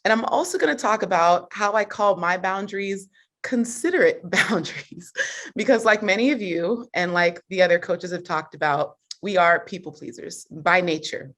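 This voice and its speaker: A woman's voice: on the low side, a bit bright. A woman leading a live personal growth coaching call, upbeat and chatty, laughing often as she talks.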